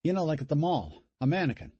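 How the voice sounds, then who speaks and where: A man's voice: on the high side, animated, quick pace, dark tone, breathy edge, no room sound, dull audio, voice pushed up. A man voicing a teasing, wisecracking younger brother in an audiobook. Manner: wisecracking, needling.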